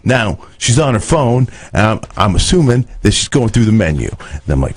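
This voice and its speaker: A man's voice: on the low side, brisk, slightly rough. A man, a radio DJ animatedly telling a story and acting out quotes. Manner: animated, acts out quotes, repeats words. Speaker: radio DJ co-host. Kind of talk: storytelling banter.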